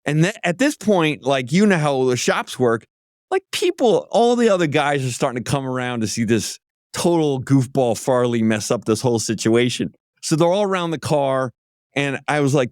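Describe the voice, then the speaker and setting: Man, interview guest, animated storyteller, mid-range voice, dry close mic. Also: mid-range voice, normal speed, no room sound. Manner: lively anecdote-teller who acts out other voices. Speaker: guest, auto executive.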